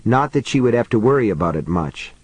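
A man reading a novel aloud as an audiobook narrator, in a low, measured delivery with quiet character voices. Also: big pitch swings, slightly rough, dry recording, low-quality recording. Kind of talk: scripted narration.

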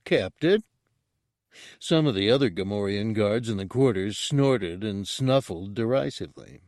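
A man narrating an audiobook in a steady, unhurried storytelling manner. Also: fairly low pitch, no room sound, studio quality.

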